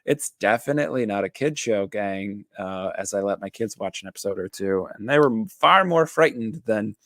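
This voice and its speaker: A man's voice: fairly low pitch, animated, moderate pace, a bit bright, dry recording, clean studio sound. A man, a therapist, chatting casually as he reviews a TV series, rambling with lots of fillers and self-corrections.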